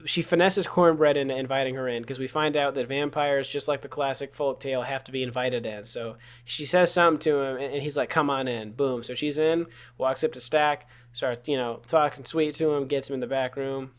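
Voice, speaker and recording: A man co-hosting a podcast, retelling a film's plot in casual, profane, animated chat. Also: mid-range voice, brisk, hardly any pauses, clear, resonant tone. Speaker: podcast co-host. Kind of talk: casual movie recap chat.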